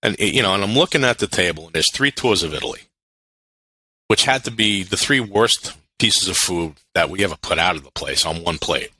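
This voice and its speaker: A man in his fifties from Brooklyn, a podcast guest telling lively restaurant stories and acting out the voices of the people in them. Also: sits low, brisk, slightly rough, dry recording. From Brooklyn, New York. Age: 50s. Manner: animated, acts out other people's voices, repeats words when starting. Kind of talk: casual storytelling.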